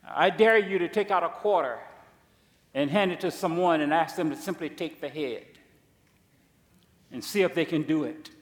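A male preacher with a high voice delivers an emphatic sermon. He swings between loud declarations and quiet asides. His voice trails off in the long reverb of a church hall. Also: normal speed, pauses often.

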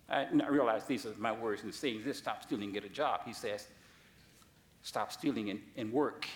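A man pastor preaching a sermon, swinging from soft asides to loud, high-pitched emphasis. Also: lively intonation, unhurried. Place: church sanctuary. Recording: echoey church hall.

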